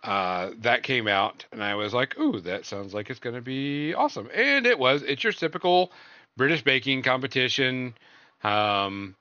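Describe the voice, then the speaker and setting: A man's voice: mid-range voice, expressive, normal speed, bright, forceful tone, clean tone, no echo, lo-fi sound. A man hosting a casual podcast, reviewing shows and films in a rambling way, full of fillers and trailing off. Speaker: podcast host.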